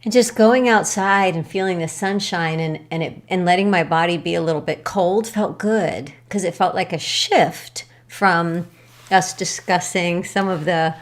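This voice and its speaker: A woman co-hosting a podcast, talking casually and thoughtfully, pausing to search for words. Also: lowish voice. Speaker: podcast co-host. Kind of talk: casual chat.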